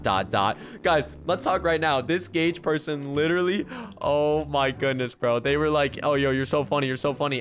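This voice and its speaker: A man's voice: on the high side, a bit bright. Hyped young man narrating a game. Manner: hyped, jokey, reads in-game chat aloud. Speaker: gaming YouTuber. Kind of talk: excited gameplay commentary.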